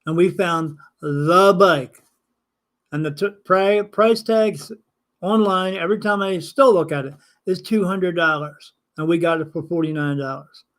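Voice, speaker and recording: An older man, a spirit medium hosting a live stream, telling a casual anecdote in an animated way, acting out the dialogue and swearing now and then. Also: sits high, unhurried.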